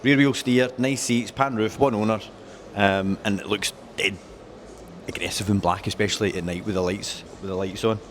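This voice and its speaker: A man's voice: fairly low pitch, steady tone, normal speed, a little hiss or hum. A man presenting cars at a dealership in casual, jokey chat, rattling off specs with enthusiasm. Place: car dealership.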